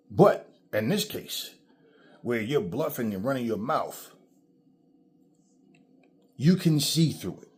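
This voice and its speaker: A man's voice: mid-range voice, dark tone, slightly rough. A man giving a blunt, profane commentary rant straight to his own camera, preaching at his viewers. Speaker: commentary vlogger. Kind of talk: casual ranting commentary.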